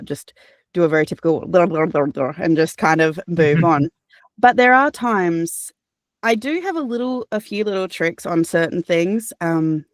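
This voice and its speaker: An Australian woman with a slightly low voice, a voice actor and audiobook narrator, speaks earnestly and reflectively as a guest in a casual interview. She thinks aloud with many fillers, restarted sentences and occasional laughs, recorded close and dry with no room echo.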